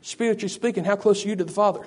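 A man's voice: high voice, fairly even intonation, rapid-fire. A man preaching a sermon, fervent and repetitive, calling out to listeners by name. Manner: addresses listeners by name, frequent "I tell you".

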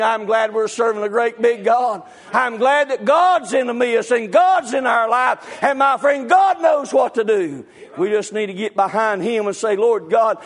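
A man preaching a sermon, fervent and repetitive, breaking into shouts. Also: very high-pitched.

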